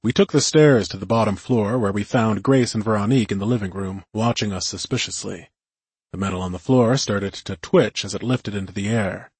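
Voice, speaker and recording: A man narrating a first-person audiobook in a calm, measured way. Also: lowish voice, slightly rough, no echo.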